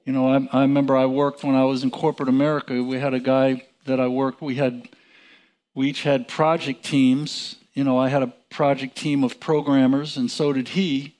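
A man teaching from the Bible in a relaxed, conversational way, chuckling and restarting his sentences. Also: medium pitch, normal speed. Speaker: preacher.

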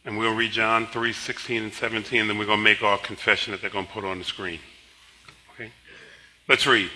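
A man in his sixties, a tired pastor, preaching a sermon in a relaxed, conversational way, telling stories between scripture and leading his congregation in slow, emphatic confession. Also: lowish voice, a little hiss or hum, rough recording.

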